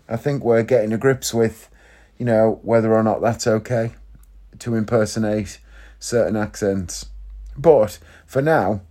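A man's voice: medium pitch, mellow. Chatty man musing in a vlog. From Northeast England. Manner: chatty, leans on tag questions like "isn't it?". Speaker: vlogger. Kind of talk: casual vlog monologue.

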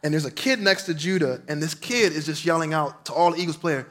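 A man, a pastor, preaching a sermon in an animated storytelling way, swinging from loud, passionate lines to hushed asides. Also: high-pitched, fairly quick, few pauses.

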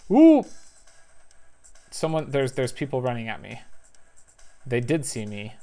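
Guy talking thru a spy game at home, chatty, mid-pitched, faint game music underneath. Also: normal speed, creaky. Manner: chatty, thinks aloud, excited little outbursts. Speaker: gamer playing a spy video game; parent. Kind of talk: casual gameplay commentary.

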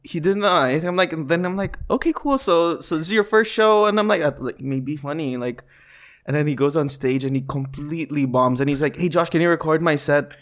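A man tells his side of a gig story in a casual chat, with a slightly high voice. He laughs as he goes and quotes people in lively voices. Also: a little fast. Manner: laughing, animated retelling with quoted lines. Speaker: comedian, guest.

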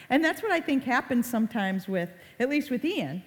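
A woman's voice: a little high, very animated, moderate pace. A woman in her forties giving a talk to a live audience, telling stories and acting out quotes. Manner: chatty storyteller, acts out quotes. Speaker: speaker on online reputation. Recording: reverberant hall.

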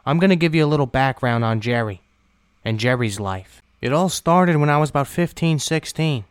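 A man's voice: mid-range voice, expressive, moderate pace, clear, resonant tone, dry recording, clean studio sound. A man candidly telling his own story of addiction and recovery, in a blunt, casual way with some swearing. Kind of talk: personal recovery testimony.

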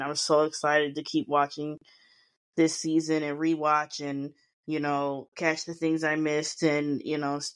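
A woman podcaster with a somewhat low voice talks through a reality show episode in loose, casual chat. She swears often and slips into quick impressions of the cast as she retells scenes. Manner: chatty, swearing freely, acting out quotes. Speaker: podcast host recapping a show.

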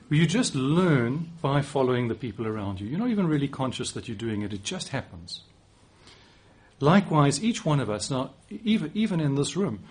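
With a South African accent, this preacher in his forties delivers a conversational sermon marked by occasional restarts and gentle self-deprecating humor. He has a husky, mid-range voice.

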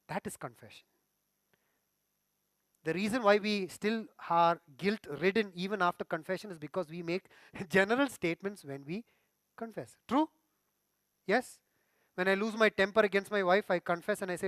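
A man's voice: sits high, moderate pace, fairly bright tone, no echo. A man preaching a sermon as pastor, earnest and putting questions straight to his congregation.

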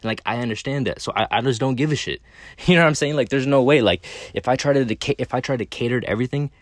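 A man's voice: mid-range voice, quick pace, no echo, studio quality. A young man talking to camera in a casual monologue, blunt and profane, full of fillers and restarts. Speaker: video creator.

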